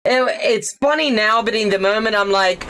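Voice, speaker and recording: A middle-aged livestream host tells a story in a friendly, gabby way, often laughing and saying hello to viewers by name. She speaks at an ordinary pace in a medium, fairly bright voice, with a little background noise audible.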